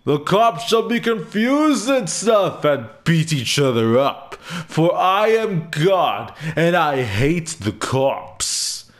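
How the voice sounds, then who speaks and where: A man voicing a pompous male god in a video game playthrough, making slow, grandiose, archaic proclamations in a raised voice. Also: fairly high pitch, big pitch swings.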